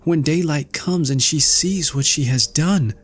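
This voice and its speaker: A man doing a frightened young maiden, high and urgent. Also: a little slow, breathy edge, faint music behind. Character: frightened young maiden fleeing with her sweetheart.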